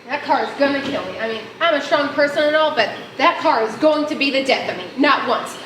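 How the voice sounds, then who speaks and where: A teenage girl playing a weary, sharp-tongued young woman in a high school stage play, speaking in an exasperated, pointed way. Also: brisk, lightly acted. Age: teens. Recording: roomy, distant mic, noise.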